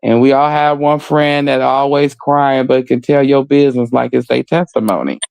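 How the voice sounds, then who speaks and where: A man's voice: mid-range voice, steady tone, normal speed, gravelly, a little mellow, smooth, no echo. A man co-hosting a casual gossip stream, blunt and joking, reading viewer comments and talking in street slang. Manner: reads viewer comments aloud. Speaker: podcast co-host.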